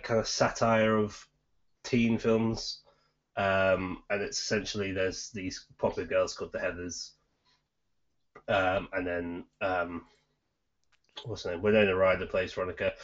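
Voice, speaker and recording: A man's voice: lowish voice, a bit bright. A young man co-hosting a casual chat, meandering and hedging as he talks. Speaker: podcast co-host. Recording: lo-fi muffled audio.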